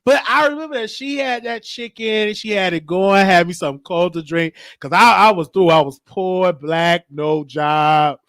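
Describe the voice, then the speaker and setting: Brief: emotional, rambling show host from Chicago, gravelly voice, dry close recording. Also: male voice, sits high, normal speed, hardly any pauses, a bit bright, no room sound. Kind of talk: personal storytelling in an interview.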